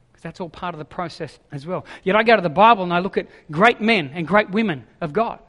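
Male pastor, high-pitched, animated sermon delivery, hall reverb. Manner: animated, jokey preaching with acted voices.

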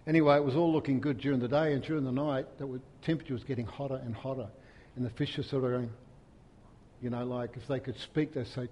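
A man preaching a sermon in a church, swinging from loud, emphatic peaks to soft, hushed stretches. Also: mid-range voice, steady tone, a little fast, long reverb tail, slight background noise. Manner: impassioned, rising to loud emphatic peaks then dropping soft. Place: church hall.

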